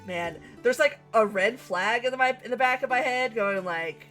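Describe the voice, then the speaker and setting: A young woman streaming a visual novel, reading the text aloud and reacting with giggles and animated commentary. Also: medium pitch, fairly quick, faint music behind.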